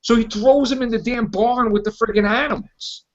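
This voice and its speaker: In a casual movie review chat, a male podcast host with an extremely high, steady-toned voice speaks at a moderate pace. He acts out quotes while ranting in exasperated disbelief about the film, and the podcast audio is dull and lo-fi.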